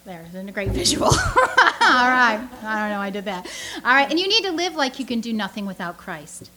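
A woman giving a lively, conversational sermon to a church audience, full of rhetorical questions and asides. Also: on the high side, normal speed, noisy background. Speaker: speaker teaching a church audience.

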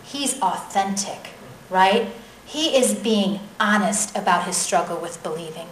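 A woman preaching a sermon in a lively, conversational way that often checks in with the audience. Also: medium pitch, unhurried, echoey room, slight background noise, low-quality recording. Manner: animated, conversational, keeps asking the audience "right?".

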